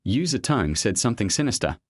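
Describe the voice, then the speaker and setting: A man's voice: on the low side, sing-song, fairly quick, no echo, studio quality. A man narrating a web novel as an audiobook, telling the story steadily.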